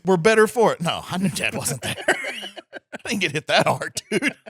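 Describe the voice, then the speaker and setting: Male co-host, teasing and giggly, lively higher voice, dry close-miked sound. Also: breathy edge, no echo. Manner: giggly, teasing, quick ribbing. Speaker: podcast co-host. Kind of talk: casual comedy podcast chat.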